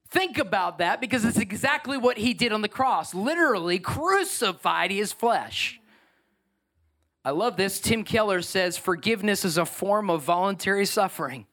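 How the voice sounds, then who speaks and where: A man preaching a sermon as pastor, emphatic and animated. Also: sits high, moderate pace.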